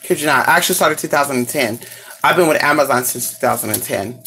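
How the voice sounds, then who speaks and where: A woman's voice: a bass voice, animated, quick pace, pushed and bright, a little hiss or hum. A woman chatting casually with her viewers, sassy and exclamatory, and she swears freely. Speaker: vlogger. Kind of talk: casual live chat to viewers.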